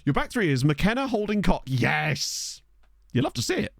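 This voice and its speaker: Guy streaming a football manager game, jokey, bouncy voice, higher side, dry close mic. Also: sing-song, no room sound. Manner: chatty and jokey, thanking viewers, quick laughs. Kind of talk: casual live-stream chat. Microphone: desk microphone.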